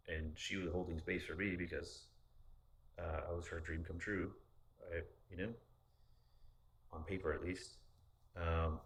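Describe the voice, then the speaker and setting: A man with a deep voice and a bright, pressed edge recounts a personal story casually. He talks in a candid, rambling way and swears freely. The sound carries a roomy echo.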